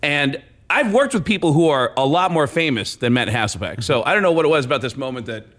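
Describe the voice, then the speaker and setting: A man who is a comedian, telling a story as a radio show guest, getting loud and laughing as he gets excited. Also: medium pitch, fast talker. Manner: animated, shouting and laughing when excited. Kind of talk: casual radio chat, storytelling.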